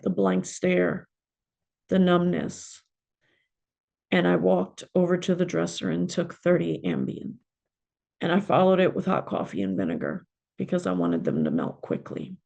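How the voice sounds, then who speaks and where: Middle-aged woman with a gravelly voice. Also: lowish voice, lively intonation, warm tone. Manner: emotional, halting, with pauses and fillers. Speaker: podcast guest, spiritual mentor. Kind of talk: personal storytelling.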